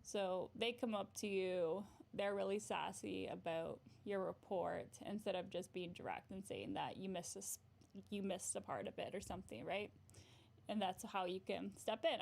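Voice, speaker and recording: Brief: young woman therapist hosting a casual stream, slightly gravelly, tags "right?" a lot. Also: medium pitch, moderate pace, a little mellow. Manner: frequent "right?" tag questions, laughs often. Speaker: therapist and livestream host. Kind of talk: casual livestream advice chat.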